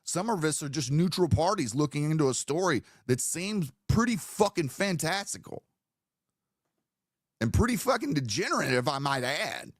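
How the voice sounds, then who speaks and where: A man's voice: on the high side, sing-song, moderate pace, dry recording, studio quality. A man hosting a live stream, talking in a casual, profane, rambling way as he sets up a commentary segment. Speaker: streamer host.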